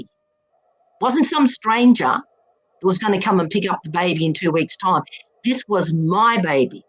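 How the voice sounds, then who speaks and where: A woman's voice: lowish voice, slightly rough. A woman in her seventies from Australia, an interview guest giving an emphatic, emotional personal testimony, repeating words for force. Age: 70s.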